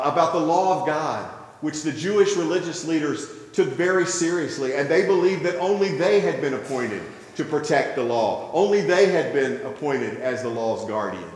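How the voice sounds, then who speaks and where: A male pastor delivers a sermon in a somewhat high voice, telling a story with gentle humor before turning to earnest teaching. His voice fills a large hall, with heavy echo and a long reverb trail.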